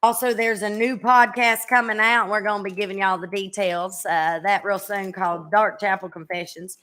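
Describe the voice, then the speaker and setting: A woman's voice: medium pitch, fairly even intonation, moderate pace, a bit bright. A woman in her thirties hosting a casual podcast chat, chatty and teasing, with a drawl and frequent fillers. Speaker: podcast host.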